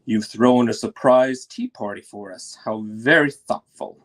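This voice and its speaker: A man voicing a stately lion who hosts a tea party in a storybook reading, slow and solemn, with a gravelly, husky voice. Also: medium pitch, close to an everyday voice. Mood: courteous.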